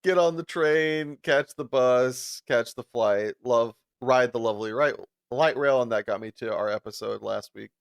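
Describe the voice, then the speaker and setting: A podcast co-host with a clear, resonant but creaky voice tells stories in casual chat at a moderate pace, with few pauses. The dry, studio-quality recording catches him laughing often and acting out the people he quotes in a higher voice.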